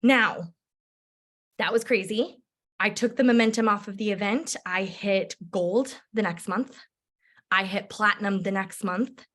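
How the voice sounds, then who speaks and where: A woman, a direct-sales entrepreneur, telling a personal story in a chatty, animated way with lots of filler words. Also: mid-range voice, unhurried.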